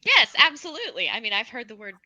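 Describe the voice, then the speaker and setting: A woman's voice: fairly high pitch, big pitch swings, fast talker, bright, forceful tone, dull audio. A woman playing a tabletop game, talking playfully. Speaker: player. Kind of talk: casual play.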